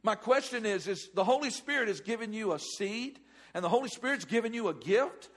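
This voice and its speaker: A man preaching a sermon, animated, swinging from loud outbursts to hushed asides. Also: high-pitched, fairly quick.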